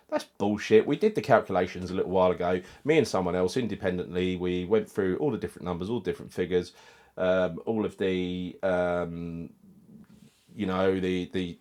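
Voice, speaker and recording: A man's voice: low voice, darkish tone. A man hosting a football fan channel, delivering a heated, sweary rant in casual commentary.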